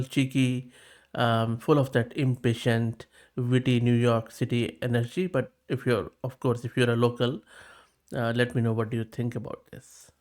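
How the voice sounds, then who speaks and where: A man hosting a tech video, walking through a demo in a relaxed, chatty way. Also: mid-range voice. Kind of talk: casual screen walkthrough.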